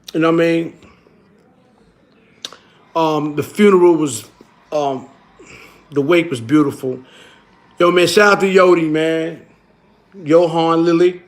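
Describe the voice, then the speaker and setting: A middle-aged man chatting casually on a livestream, animated and slangy, swearing often. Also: a little high, vocal fry. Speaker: livestream host.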